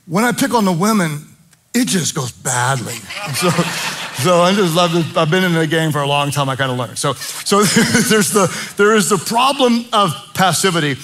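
A man's voice: sits high, lively intonation, moderate pace, noisy background. A middle-aged man preaching a sermon as pastor, emphatic and impassioned, with jokey asides.

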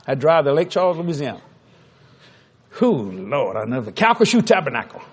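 A preacher telling a story in a sermon, animated and humorous, acting out the dialogue. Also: male voice, a little high, normal speed, breathy edge.

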